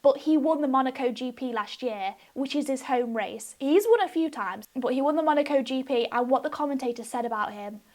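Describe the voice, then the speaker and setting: Young woman vlogger, high voice, giggly and gushing, casual chat. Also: a little fast, hardly any pauses, a little mellow. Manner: giggly, gushing, self-deprecating. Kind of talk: casual chatty explainer.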